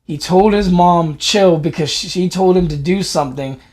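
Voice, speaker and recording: A man's voice: sits high, moderate pace, a little mellow. A man in casual conversation telling a story, often quoting people in a raised voice. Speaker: podcast co-host. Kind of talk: casual chat.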